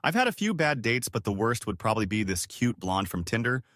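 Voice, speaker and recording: A man reading a string of online stories as scripted narration, in a lively storytelling manner. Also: lowish voice, brisk, no room sound, studio quality.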